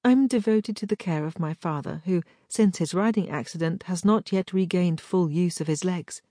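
A woman's voice: lowish voice, normal speed, warm tone, dry recording, clean studio sound, voice pushed up, natural voice. A woman reading the part of a genteel, well-mannered young lady in an audiobook, keeping her tone polite and light. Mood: light, evasive. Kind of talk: audiobook character voice.

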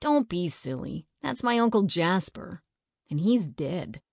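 A woman reading aloud, voicing a loud, mocking boy who teases his friends. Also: on the low side, big pitch swings, unhurried, gravelly, no room sound, clean studio sound, heavily acted. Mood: teasing. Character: bossy loud boy, teasing know-it-all.

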